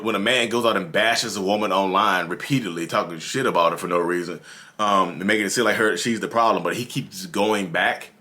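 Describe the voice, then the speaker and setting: A man's voice: fairly low pitch, bright, forceful tone. A man from North Carolina with a Southern drawl, talking earnestly and repetitively to his viewers as the host of his own channel. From North Carolina, USA. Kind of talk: casual advice monologue.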